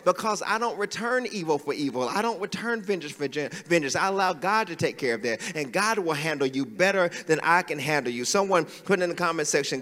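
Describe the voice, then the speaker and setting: A man's voice: a little high, animated, a little fast, a bit bright, long reverb tail. A man preaching a sermon as pastor, building into a sing-song preaching cadence. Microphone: handheld mic.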